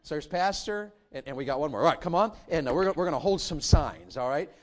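A man preaching in a church with a folksy, animated delivery. His voice sits a little high for a man and swings widely in pitch as he repeats lines for emphasis. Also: fast talker. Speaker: pastor. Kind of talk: sermon. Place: church sanctuary.

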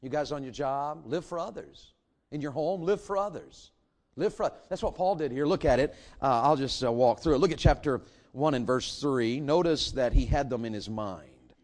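A man's voice: medium pitch, expressive, normal speed, a little mellow. A middle-aged man, preaching a sermon and firing rhetorical questions at his congregation. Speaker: pastor.

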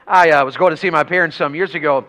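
A man preaching a revival sermon in a church, telling folksy country stories and rising to shouts. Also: fairly high pitch, quick pace. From rural Tennessee.

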